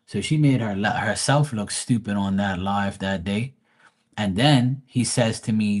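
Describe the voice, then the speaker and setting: A man's voice: on the low side, moderate pace. A man hosting a live tarot and mediumship stream, speaking bluntly and profanely, rambling with frequent restarts. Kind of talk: casual live stream talk.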